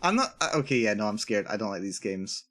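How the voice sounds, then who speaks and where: Nervous and jittery, this male VTuber narrates a horror game live, repeating himself and voicing his own fear. His voice is on the low side, sing-song, quick and a bit bright, with slight background noise.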